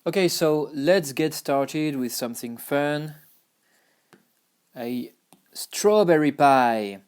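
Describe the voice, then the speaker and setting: A man with a French accent gives a language lesson at a deliberately slow pace. His voice is smooth and clear. He spells out words letter by letter and says them again and again, with plenty of fillers along the way. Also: fairly high pitch, animated, a little mellow. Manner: spells and repeats words slowly, with many fillers. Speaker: French teacher.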